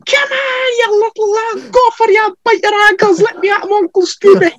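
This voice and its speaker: A man putting on a boisterous, shouting Scottish man. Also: very high-pitched, normal speed, muffled recording, voice pushed up. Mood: rowdy. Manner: rowdy, hollering.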